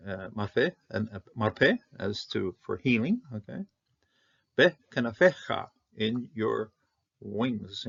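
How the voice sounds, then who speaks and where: A man who grew up in Canada, teaching Hebrew Bible words in an informal lesson, halting with many fillers and sounding out the Hebrew slowly. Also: fairly low pitch, vocal fry, breathy edge, muffled recording.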